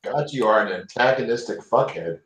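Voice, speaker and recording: A man argues in a fierce, profane rant, talking over others. His voice sits at a middle pitch. It comes through with a roomy echo. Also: a little fast. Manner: profane, confrontational, shouting down others. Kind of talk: heated argument. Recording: echoey room.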